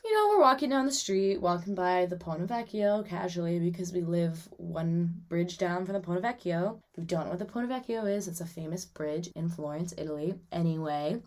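A young woman hosting her own podcast, chatting casually and animatedly about her weekends, with lots of "like" and quick asides. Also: fairly low pitch. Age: young adult. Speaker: podcast host. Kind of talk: casual solo podcast chat.

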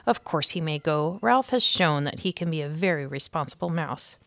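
A hearty uncle mouse brushes off worry in a storybook, as a woman reads him. The tone is firm and cheerful, slightly gravelly. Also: deep voice, animated, moderate pace, fairly bright tone, dry recording.

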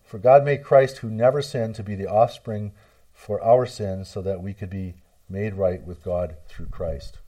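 Low-voiced, mellow preacher man. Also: unhurried. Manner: varies loudness for emphasis, repeats key words; retells a story acting out voices in quotes. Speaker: pastor. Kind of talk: sermon.

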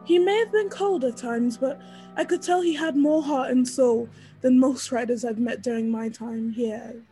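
A woman as a blunt, high-voiced coworker. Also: normal speed, mellow, soft background music. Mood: eulogizing. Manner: blunt and scolding. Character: sharp-tongued female coworker, loyal and blunt. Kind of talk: audio drama acting.

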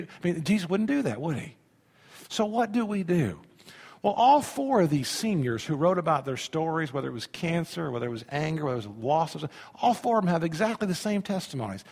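A man's voice: sits high, very animated, normal speed, husky. A man in his fifties, a pastor preaching a sermon with emphasis and leading his congregation in call-and-response. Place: church sanctuary. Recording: reverberant church hall.

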